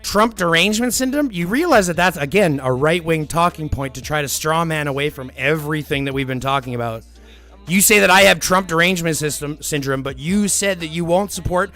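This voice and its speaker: Man streaming live, fairly high voice, blunt and profane, argues with chat, faint music underneath. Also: brisk, fairly bright tone. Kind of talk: live-stream chat, answering viewer comments.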